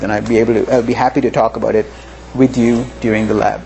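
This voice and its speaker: Teaching physics live in a lecture hall, this man talks fast in a mid-range, warm voice with vocal fry and a flat delivery. He keeps it conversational, often asking "right?", over faint room noise.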